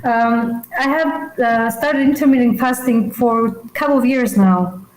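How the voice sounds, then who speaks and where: Casting: female caller, higher voice, hesitant and polite, echoey remote line. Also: measured pace, darkish tone. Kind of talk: call-in question.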